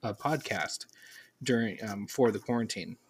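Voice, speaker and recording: A man's voice: fairly low pitch, normal speed, husky. A man co-hosting a podcast who chats in a rambling, enthusiastic way. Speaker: podcast co-host. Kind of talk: casual chat.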